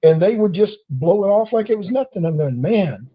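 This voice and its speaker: A man's voice: high voice, animated, fairly quick. A man in casual conversation, telling stories and acting out the people in them. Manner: storytelling, acting out quoted people. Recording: dull lo-fi audio.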